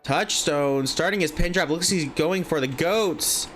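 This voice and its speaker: A man casting a live online game tournament, giving chatty, excitable play-by-play and thinking aloud with questions. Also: on the high side, moderate pace, few pauses, over music. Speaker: esports caster.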